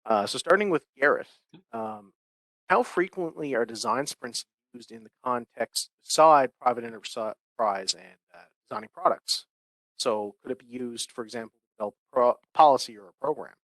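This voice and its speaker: A man's voice: medium pitch, expressive, moderate pace, gravelly, fairly bright tone, no room sound, rough recording. A man hosting a webinar, reading out audience questions in a friendly manner over a video call. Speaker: moderator.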